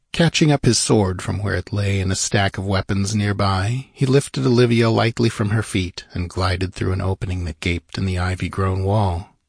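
A man narrating an audiobook in a measured, grave manner with a husky voice. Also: fairly low pitch, dry recording, clean studio sound.

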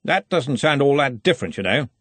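A lordly old wizard who blusters, pitched high and pushing his words hard, as a man puts him on for the storybook. His tone is testy and superior, and his voice has a husky grain. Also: sing-song, brisk, a bit bright, no echo. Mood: irritated. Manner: haughty, overbearing, testy. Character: pompous, blustering old male wizard head.

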